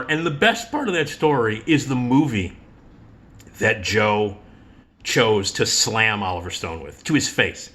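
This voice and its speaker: A middle-aged man spins stories in a casual monologue, with a bright, forceful voice. He swears freely and laughs at his own stories. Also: lowish voice, measured pace. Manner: animated, profane, laughs while telling stories. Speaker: radio host.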